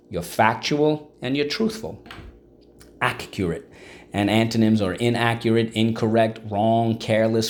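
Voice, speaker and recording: A man's voice: on the low side, a little mellow. A male teacher giving a vocabulary and phonics lesson, encouraging and checking in often with the class. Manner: encouraging, checks in with frequent "okay?".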